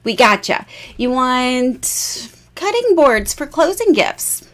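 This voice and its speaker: A woman's voice: high voice, very animated, slow. A bubbly, chatty woman in her forties, hosting a casual jewelry live stream and laughing often.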